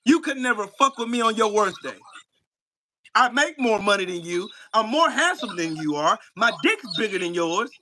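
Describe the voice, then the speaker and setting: A man with a high, very bright voice delivers a profane, taunting rant on his live stream. He trash-talks a viewer relentlessly from his home setup. A faint hiss sits under the voice. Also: big pitch swings, moderate pace.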